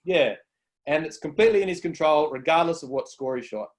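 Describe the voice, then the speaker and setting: A man co-hosting a casual podcast, explaining ideas in an earnest, measured way. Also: on the high side, expressive. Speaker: co-host.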